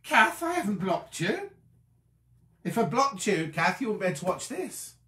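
A man's voice: high voice, very animated, moderate pace, bright, forceful tone. Tired chatty man, echoey room. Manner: chatty, rambling, reads comments aloud and answers them. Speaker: host. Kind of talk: casual live-stream chat reading viewer comments.

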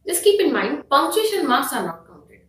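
A woman's voice: sits high, very animated, moderate pace, roomy sound, distant mic, slight background noise, rough recording. A woman with an Indian English accent, explaining exam tips in a firm, instructive way, with frequent fillers. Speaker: IELTS teacher. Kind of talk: explanatory lesson to camera.

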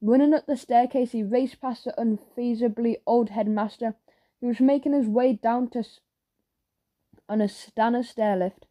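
A woman narrating a children's audiobook in a lively storytelling manner. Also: a little high, moderate pace, dull audio. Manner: lively storytelling with character voices.

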